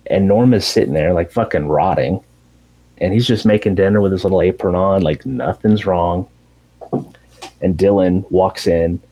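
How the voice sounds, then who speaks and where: A man's voice: deep voice, moderate pace, slightly rough, poor audio. A man in casual chat, animatedly retelling a TV show's ending and swearing freely. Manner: animated storytelling with profanity, acting out characters in raised voices.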